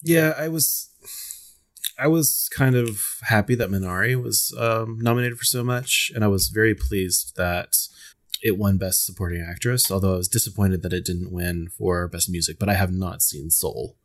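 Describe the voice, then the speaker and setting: Male podcast co-host, lowish voice, dry wit, relaxed reading of listener reviews. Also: moderate pace. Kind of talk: casual chat.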